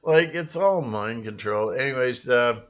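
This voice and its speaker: Man, mid-pitched voice, sarcastic, rambling, lots of fillers, dull lo-fi recording. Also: animated, a little slow, fairly bright tone. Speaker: vlogger. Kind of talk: rambling casual monologue.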